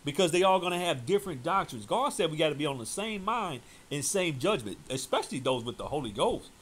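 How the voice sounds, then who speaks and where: Fiery, animated preaching man. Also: a little high, fairly quick, breathy edge. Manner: fiery, scolding, quotes scripture loudly. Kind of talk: preaching commentary over a debate clip.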